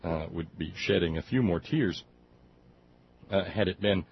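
A man's voice: deep voice, measured pace, muffled recording, slight background noise. A man hosting political talk radio who delivers sardonic, indignant commentary and often stumbles over his words in restarts. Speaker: radio talk show host.

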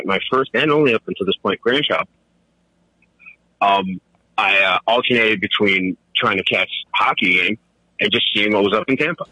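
Bright-voiced man telling animated stories. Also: no echo, rough recording. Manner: animated, laughing, swinging into high voices for quotes. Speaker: caller. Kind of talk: casual storytelling.

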